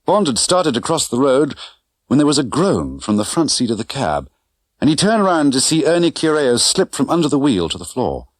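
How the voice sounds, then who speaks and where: A man narrating an audiobook with an expressive, dramatic reading. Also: medium pitch, moderate pace, no echo. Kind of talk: scripted narration. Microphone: close studio mic.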